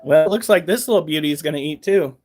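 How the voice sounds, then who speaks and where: High-voiced man telling stories casually. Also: fast talker, very noisy. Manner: animated, swears freely. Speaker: pet keeper and vlogger. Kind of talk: casual storytelling chat.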